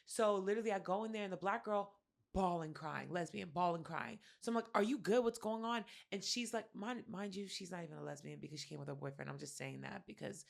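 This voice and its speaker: A woman's voice: fairly low pitch, fast talker, creaky. A woman podcast co-host, telling a story in casual chat, acting out what people said and swearing freely. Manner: animated storyteller, acts out quotes, swears freely.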